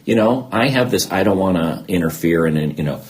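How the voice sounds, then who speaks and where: Speaking fairly quickly in a low, expressive voice, a man appears as a podcast guest and shares his own story candidly. He acts out remembered conversations and uses self-deprecating humor.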